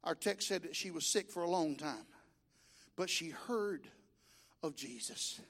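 A man preaching a sermon as pastor, telling stories and rising to shouted exhortation. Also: a little high, expressive, unhurried.

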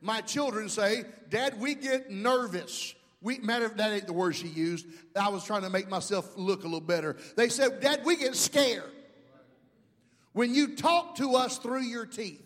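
A middle-aged male pastor preaching a sermon, calling out to the congregation and rising into shouts. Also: high voice, moderate pace, big-room sound. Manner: preaching with call-outs to the congregation.

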